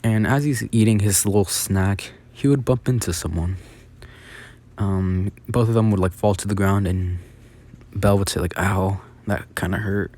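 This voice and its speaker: A man's voice: fairly low pitch, normal speed, mellow. A man improvising a casual fan story, rambling with many fillers and restarts.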